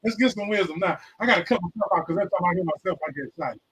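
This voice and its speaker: A man in his forties hosting a podcast, talking to listeners in a casual, preachy monologue that breaks into loud, excited bursts. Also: sits high, rapid-fire, poor audio. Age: 40s. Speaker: podcast host.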